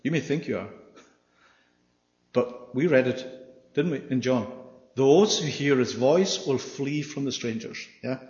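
A man's voice: medium pitch, expressive, unhurried, darkish tone. A man preaching a sermon with emphasis, often checking in with his listeners by asking "Yeah?". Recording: echoey hall, dull sound.

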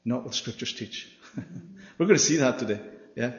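A man's voice: medium pitch, expressive, measured pace, long pauses. A man preaching a sermon with emphasis, often checking in with his listeners by asking "Yeah?". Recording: echoey hall, dull sound.

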